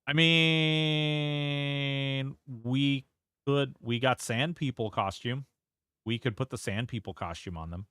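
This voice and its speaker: A man's voice: medium pitch, slow pace, a bit bright, smooth, dry recording. A man streaming a game and chatting casually, rambling and reacting as he plays, swearing freely into a close desk mic. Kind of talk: casual live-stream gameplay commentary.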